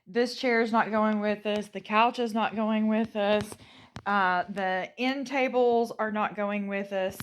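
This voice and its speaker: Slow-talking woman vlogger. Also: medium pitch, fairly even intonation. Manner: chatty, thinking aloud, trailing off softly. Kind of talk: casual vlog chat.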